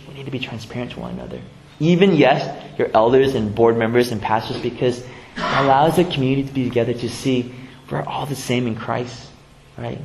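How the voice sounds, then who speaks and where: A man preaching a sermon as pastor, in a casual, conversational way that swings between hushed emphasis and lively bursts. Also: mid-range voice, roomy sound, low-quality recording. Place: church sanctuary.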